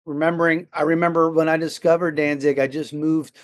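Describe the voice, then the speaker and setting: Excitable rambling middle-aged man. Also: fairly high pitch, brisk. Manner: excitable, rambling with many fillers and restarts. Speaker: podcast guest, metal musician. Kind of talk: casual storytelling chat.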